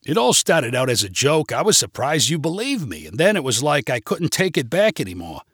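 A man's voice: medium pitch, very animated, fairly quick, fairly bright tone, breathy edge, no room sound, studio quality. A man voicing a timid, sheepish middle-aged husband who pleads and makes excuses.

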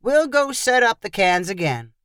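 A man's voice: sits high, very animated, normal speed, fairly bright tone, clear, resonant tone, no room sound, clean studio sound, pitched above the performer's own voice. A man doing a drawling old rancher. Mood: easygoing. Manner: drawling, matter-of-fact. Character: easygoing old ranch grandfather.

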